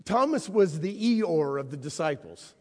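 A man delivers a sermon in a church, acting out each scene with dramatic storytelling. His voice sits high and swings widely up and down. The sound carries a long hall reverb. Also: animated, a little slow, a little mellow. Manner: dramatic storytelling, voicing the figures he quotes. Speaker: preacher.

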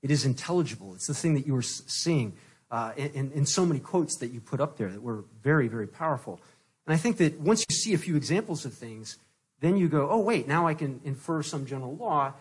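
A man's voice: a little high, slightly rough. A man in the audience asking a question in an enthusiastic, rambling way with many restarts. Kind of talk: casual question from the floor.

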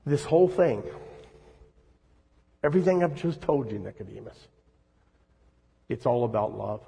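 Husky male preacher in a reverberant hall. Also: mid-range voice, animated, unhurried. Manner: dramatic swings between loud emphasis and hushed lines. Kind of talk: sermon. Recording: long reverb of a large hall.

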